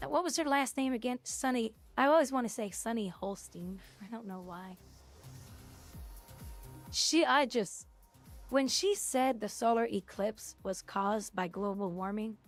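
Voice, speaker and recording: A young woman streamer chatting casually on a livestream, blunt and opinionated, rambling from one thought to the next. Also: mid-range voice.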